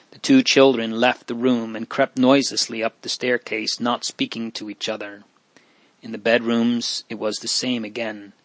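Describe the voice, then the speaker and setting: A man narrating an audiobook in a hushed, solemn and measured way, with a steady, flat melody at a mid pitch. The recording is close and dry, with no room sound behind him. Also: dry recording. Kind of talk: audiobook reading.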